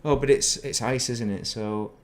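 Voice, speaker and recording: A middle-aged man keeps up casual chatter on a gaming stream, drifting between memories and muttered asides. His mid-range voice has fairly even intonation and a normal speed.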